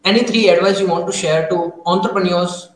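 A man's voice: high voice, fairly even intonation, brisk. A man hosting an interview, asking his guest a plain question. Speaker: host. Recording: echoey room with faint noise.

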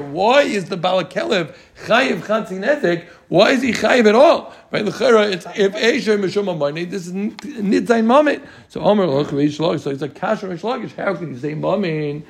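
High-voiced man teaching a Talmud class. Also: vocal fry. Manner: quizzes the students with quick rhetorical questions; lively and joking with the class. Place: classroom with students.

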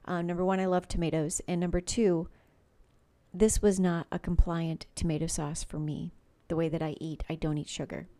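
Chatty woman podcaster with a gravelly, mellow voice. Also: fairly low pitch, flat delivery, moderate pace. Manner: chatty, personal, frequent fillers. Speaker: podcast host. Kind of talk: faith-based podcast monologue.

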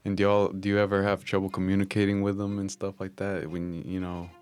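A man's voice: low voice, completely flat delivery, brisk, a little mellow, clear, resonant tone. A man hosting a casual chat, laid-back, with lots of short agreeing replies and hesitant questions. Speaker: host.

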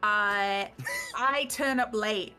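A woman's voice: medium pitch, huge pitch swings, very slow, sharp tone. A woman casually recapping the last tabletop game session, chatty and freely swearing. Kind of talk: casual live-stream chat.

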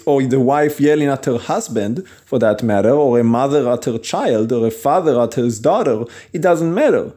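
A man preaching an earnest, emphatic sermon, breaking into quick chuckles and acting out quoted voices. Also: medium pitch, dark tone. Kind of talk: podcast sermon.

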